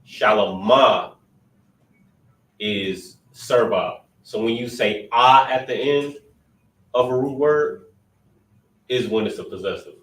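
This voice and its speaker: A man's voice: medium pitch, unhurried, fairly bright tone. A man teaching an informal class, patiently explaining step by step and thinking aloud. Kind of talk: informal Hebrew grammar class. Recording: roomy, distant mic.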